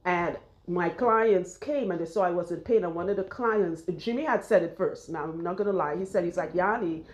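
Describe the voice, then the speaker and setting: A woman, her voice sitting a little low. She talks in a loose, rambling way and laughs often. She is recorded close on a clip-on mic. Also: brisk, a little mellow. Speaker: loctician and vlogger. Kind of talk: casual chat while getting her hair done.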